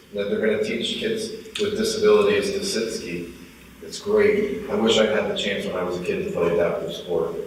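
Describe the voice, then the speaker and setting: Keynote storyteller, man, forties; lively delivery acting out dialogue, distant and echoey. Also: lowish voice, a little hiss or hum. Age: 40s. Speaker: motivational speaker. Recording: echoey hall from far off.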